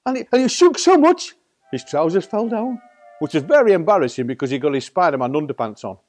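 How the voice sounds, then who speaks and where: A man's voice: fairly high pitch, very animated, brisk, darkish tone. A man with a Staffordshire accent telling a children's story in a playful, theatrical way. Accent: Staffordshire English. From England. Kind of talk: oral storytelling.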